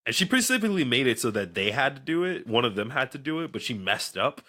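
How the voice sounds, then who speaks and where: A man with a mid-range voice speaks fast while co-hosting a casual podcast about anime. Animated and laughing often, he acts out scenes in funny voices.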